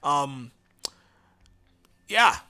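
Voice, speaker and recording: A man's voice: a little high, lively intonation, pushed and bright, clean tone. A young man co-hosting a podcast, chatting playfully and laughing often. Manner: giggly, playful, quick to laugh. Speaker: podcast co-host. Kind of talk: casual chat.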